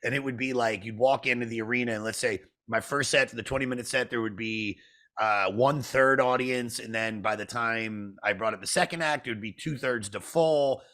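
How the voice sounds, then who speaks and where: A man hosts a podcast and talks in a relaxed, chatty way, laughing easily and calling his guest "dude." His voice sits at an ordinary middle pitch. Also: normal speed. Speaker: podcast host. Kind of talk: casual podcast chat.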